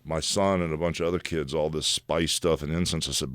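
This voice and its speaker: An older man, a radio guest, telling rambling, animated stories full of "dude" and "brother". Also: a bass voice, a little fast, dry recording, clean studio sound. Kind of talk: casual radio studio chat. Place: radio studio.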